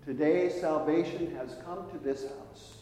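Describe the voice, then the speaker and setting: A male preacher voicing a calm, gentle teacher who speaks softly and in a measured way, in an echoey hall. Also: fairly high pitch, slight background noise, lightly acted. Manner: soft, measured. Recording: echoey hall with long reverb.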